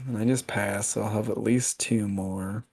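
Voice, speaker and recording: A man's voice: on the low side, fairly even intonation, normal speed, vocal fry, darkish tone, husky. A man playing a board game, chatting casually and muttering to himself while counting.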